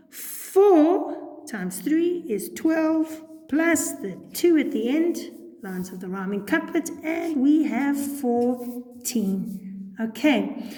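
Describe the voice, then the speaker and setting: A woman's voice: a little high, a little mellow. A woman teacher patiently walking students through a poem step by step, checking in with frequent okays. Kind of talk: recorded poetry lesson. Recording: echoey room with long reverb.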